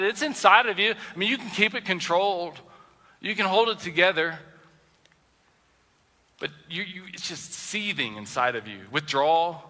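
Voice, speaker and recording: A male pastor preaching a sermon in a conversational style, acting out everyday quotes with lively shifts in his voice. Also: sits high, moderate pace, long pauses, long reverb tail.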